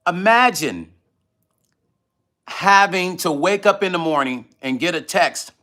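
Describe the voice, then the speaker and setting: A middle-aged livestream host eats while reading viewer comments and talking freely, often repeating himself. He speaks slowly in a high, animated voice with a sharp tone. His style is loose and chatty, and emotion makes him say things twice.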